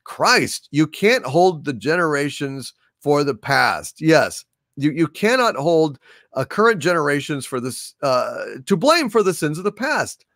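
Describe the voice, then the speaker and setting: A man's voice: on the high side, big pitch swings, measured pace, a bit bright, no room sound, studio quality. An older man hosting a livestream, reading super chats aloud with grand, theatrical proclamations. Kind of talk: casual livestream chat.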